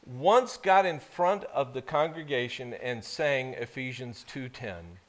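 Male pastor, higher register, slow deliberate sermon delivery with emphatic stresses. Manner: measured scripture reading, then lively emphatic preaching. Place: church sanctuary.

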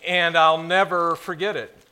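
Male pastor, higher register, slow deliberate sermon delivery with emphatic stresses. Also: clean tone. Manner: measured scripture reading, then lively emphatic preaching. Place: church sanctuary.

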